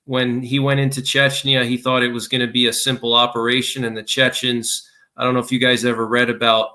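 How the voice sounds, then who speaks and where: Casual male panelist, bright and forward tone, rambling with restarts. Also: medium pitch, little pitch movement, brisk. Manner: thinking aloud, frequent restarts and fillers. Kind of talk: casual podcast discussion.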